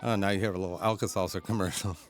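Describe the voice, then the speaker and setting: A man's voice: sits low, fairly even intonation, racing, loud music behind the voice. A man giving a chuckling, enthusiastic audio commentary on an old cartoon, sharing anecdotes as he goes. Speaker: film commentator.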